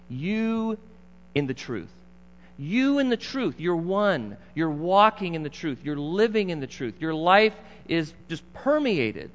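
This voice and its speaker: A middle-aged male pastor delivering a conversational, emphatic sermon with asides to the congregation. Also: on the high side. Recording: muffled sound in a large reverberant hall.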